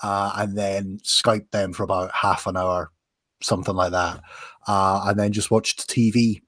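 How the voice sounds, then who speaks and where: A man in his thirties from Scotland talks in a relaxed, chatty way as a co-host. He tells his stories loosely and laughs along with them. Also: lowish voice, measured pace, dry recording, studio quality. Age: 30s. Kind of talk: casual chat.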